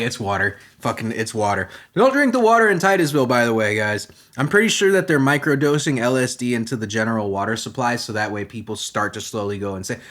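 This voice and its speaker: A man hosting a comedy podcast, ranting in a profane, agitated way and swinging between shouting and muttering. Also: mid-range voice. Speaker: podcast host.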